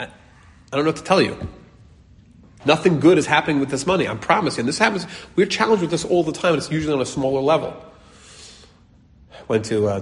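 Lively, animated man teaching Torah. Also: medium pitch. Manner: animated storytelling, acting out quotes, Hebrew and Yiddish words. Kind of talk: casual Torah class with humor.

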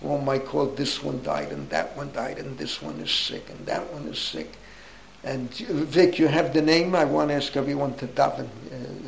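Gravelly-voiced rabbi in his eighties. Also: fairly high pitch, echoey room, a little hiss or hum, low-quality recording. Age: 80s. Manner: rambling, animated storytelling with asides to listeners. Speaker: rabbi teaching a class. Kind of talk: informal Torah class talk.

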